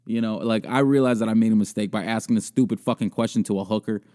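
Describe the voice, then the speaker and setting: Crude rambling young man, mellow voice. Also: lowish voice, steady tone, fast. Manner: rambling, crude, self-mocking, laughs often. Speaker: podcast host. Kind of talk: casual comedic storytelling and video commentary.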